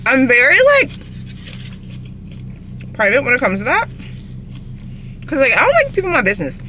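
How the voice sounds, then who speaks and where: A young woman rambles in a loose, chatty vlog while eating in her car. Her voice is bright and forward, with faint vehicle hum behind her. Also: high voice, wildly swooping pitch, moderate pace. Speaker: vlogger. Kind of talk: casual rambling chat. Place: inside a parked car.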